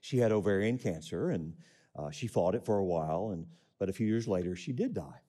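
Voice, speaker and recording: A man's voice: low voice, lively intonation, fairly quick, warm tone. A middle-aged man preaching a sermon, reading scripture and asking the congregation questions with rising emphasis. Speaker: pastor.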